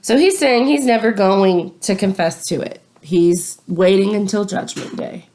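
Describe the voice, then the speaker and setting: A woman's voice: medium pitch, unhurried, a little mellow. A woman reading a novel aloud and adding chatty, casual comments between passages. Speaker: reader.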